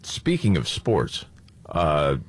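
A man co-hosting a radio talk show, bantering and joking in a lively way. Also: a bass voice, slow pace.

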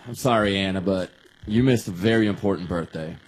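A man co-hosting a morning radio show, teasing and joking in casual banter. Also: low-pitched. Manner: teasing, quick jokes.

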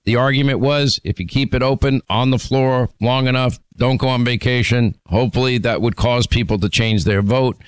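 A man's voice: mid-range voice, moderate pace, few pauses, clear, resonant tone, no room sound. A man hosting a political talk radio show, firm and opinionated, often restarting his sentences as he argues his points. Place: radio studio.

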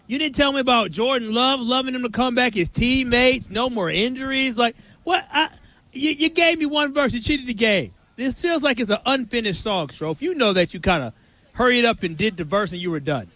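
A man co-hosting a sports radio show, giving an emphatic, animated critique in casual chat. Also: very high-pitched, moderate pace, no echo.

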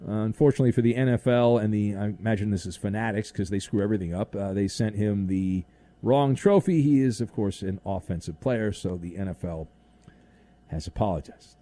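A man's voice: on the low side, a little fast, warm tone. A man hosting sports talk radio, playful and teasing as he takes calls and reads the news.

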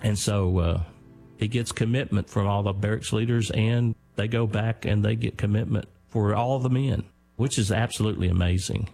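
An older man earnestly telling the story of his father's wartime stand, speaking in a deliberate way. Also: lowish voice, steady tone, creaky, a little mellow, soft background music. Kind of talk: storytelling talk.

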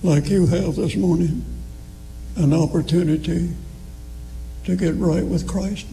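A man preaching a sermon slowly and emphatically, pressing his listeners with rising appeals. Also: fairly high pitch, steady tone, creaky, warm tone, slight background noise, low-quality recording.

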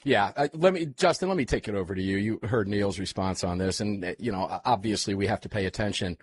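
A man hosting a panel talk show, animated and quick to laugh along, handing off to his guests. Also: on the low side, a little hiss or hum.

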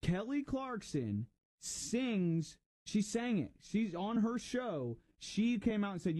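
A man co-hosting a talk radio show, telling stories in a playful, animated way. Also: high-pitched, a little slow. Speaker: radio co-host.

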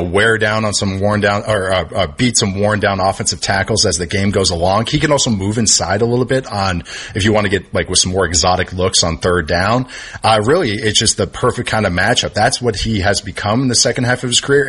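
Husky low-voiced man breaking down football. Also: fairly bright tone. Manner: enthusiastic, analytical, thinks aloud. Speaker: football analyst guest. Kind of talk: casual sports talk.

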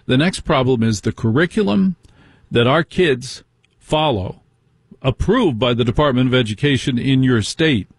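Husky, indignant middle-aged radio host. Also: male voice, mid-range voice, lively intonation, moderate pace, dry recording, clean studio sound. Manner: indignant, fires rhetorical questions. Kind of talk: call-in talk radio monologue.

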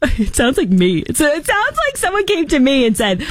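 A woman's voice: high voice, huge pitch swings, normal speed, dry recording. A woman hosting a talk show, giving sarcastic, emphatic political opinions. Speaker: talk radio host.

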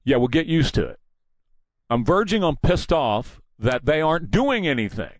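A man's voice: a little high, big pitch swings, moderate pace, no room sound. A man hosting a combative, mocking political commentary monologue.

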